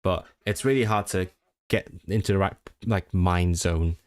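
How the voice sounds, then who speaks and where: A young man with a fairly low, smooth voice works through practice sentences, repeating words and stopping to correct himself. He talks casually, switching between study and chatter, recorded close and dry with almost no room sound. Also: unhurried, dry recording. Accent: non-native Welsh learner. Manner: thinks aloud, reads Welsh sentences aloud, self-corrects and repeats words. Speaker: language learner streamer. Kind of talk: casual livestream study session.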